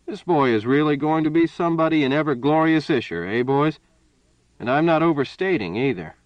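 A man voicing a sly spaceship card sharp, boastful, purring threats, a bit higher than the reader, flat lo-fi sound. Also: brisk, no echo, close to an everyday voice. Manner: hearty, boastful, then cold and purring. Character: smooth menacing male space-liner card sharp.

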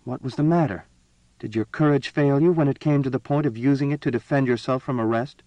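A man voicing a proud, impatient young empress in an audiobook reading, speaking higher and more commandingly than his own voice. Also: a little fast, darkish tone, no room sound, lo-fi sound, close to an everyday voice. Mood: imperious. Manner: raised pitch, commanding and cutting.

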